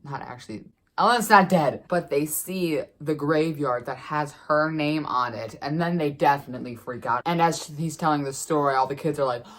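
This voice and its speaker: A woman casually telling a story to the camera as a vlogger, chatty and animated, with lots of fillers. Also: low voice, normal speed.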